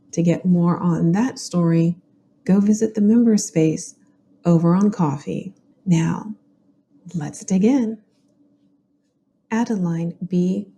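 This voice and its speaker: A woman's voice: on the low side, dark tone. A woman with a Southern US accent hosting a genealogy and true crime show, giving chatty, opinionated commentary on court records.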